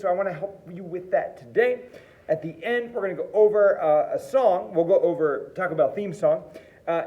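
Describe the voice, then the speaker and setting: A man's voice: high-pitched, darkish tone, highs cut off. A man teaching a percussion lesson to children in a friendly, playful way, counting them through exercises. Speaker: music teacher. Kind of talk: friendly instructional lesson for kids.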